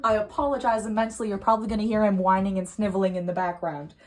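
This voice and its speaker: A young adult woman giving a pick-a-card tarot reading at home, earnest and emotional, swinging from soft to heated. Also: mid-range voice, steady tone, fast, a little hiss or hum. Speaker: tarot reader. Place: home room.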